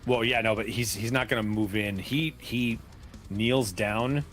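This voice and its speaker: A man with a lowish voice describes his character haltingly in a tabletop game. Faint guitar music sits behind him. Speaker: player. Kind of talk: casual game talk.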